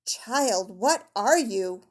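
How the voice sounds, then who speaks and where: A woman's voice: mid-range voice, lively intonation, very slow. A woman voicing a troubled young Puritan mother who speaks earnestly and pleads with her child. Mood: urgent.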